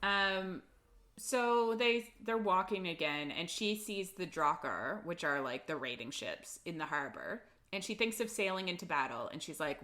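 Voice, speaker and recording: A woman talks through a book's chapters for a podcast, casual and blunt, dropping "like" constantly and swearing freely. Her voice sits a touch low. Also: expressive, normal speed, a bit bright. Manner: chatty recap with lots of "like" and swearing. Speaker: podcast co-host. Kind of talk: casual book-club chat.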